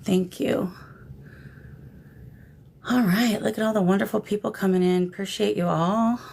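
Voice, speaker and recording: Woman livestream host, gravelly fry, affectionate casual chat, noisy phone audio. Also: medium pitch, fairly even intonation, moderate pace, a little mellow. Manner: affectionate greetings to viewers. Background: shamanic drumming.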